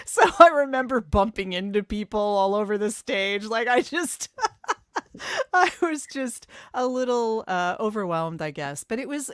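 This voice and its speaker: A woman's voice: mid-range voice, smooth, no echo, clean studio sound. A woman who is a guest on a podcast, speaking hesitantly with fillers and laughter. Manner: hesitant, self-deprecating, laughing. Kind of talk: casual chat.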